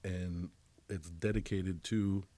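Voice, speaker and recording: A man's voice: low voice, steady tone, takes it slowly, mellow, no room sound. A man as a podcast guest in casual chat, laid-back and rambling, swearing casually.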